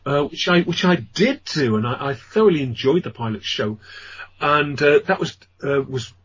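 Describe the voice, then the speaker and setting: A man's voice: a little high, expressive, moderate pace, fairly bright tone, slight background noise. A man with an English accent, a ghost tour guide, telling long rambling stories as a radio guest, with many fillers. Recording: dull lo-fi radio audio.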